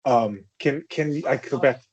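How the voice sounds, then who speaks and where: A man's voice: mid-range voice, measured pace, a little mellow, muffled recording. A man hosting a casual podcast from home, leading with playful questions. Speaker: podcast host. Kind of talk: casual chat.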